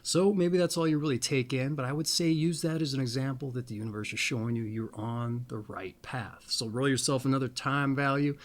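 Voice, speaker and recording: A man with a middle-pitched voice talks in a loose, playful ramble full of asides. When he reads his text he slows right down and takes it word by word. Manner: slow, deliberate reading of a text. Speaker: astrology video host. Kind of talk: casual monologue and reading aloud.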